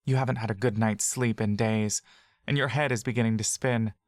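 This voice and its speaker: An audio drama narrator reading scripted fantasy narration in the second person, slow and measured. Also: mid-range voice, fairly even intonation, no echo, clean studio sound.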